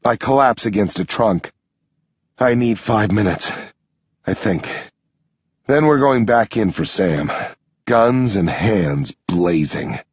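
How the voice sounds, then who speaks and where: Husky-voiced man narrating an audiobook. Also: slow pace, long pauses, highs cut off. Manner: steady storytelling delivery, pushing up in pitch for shouted dialogue. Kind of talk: scripted first-person narration.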